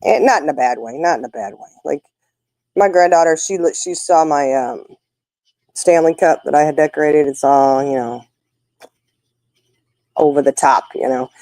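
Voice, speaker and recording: Chatty grandma, mellow voice. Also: female voice, deep voice, normal speed, pauses often, no room sound, poor audio. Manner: folksy, chatty storytelling. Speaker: livestream host. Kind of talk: casual chat with viewers.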